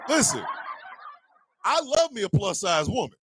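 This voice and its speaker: A man hosting a radio morning show, telling a profane comedic rant in a loud, animated way. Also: high-pitched, a little slow, very noisy. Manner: loud, animated, profane storytelling with mock voices.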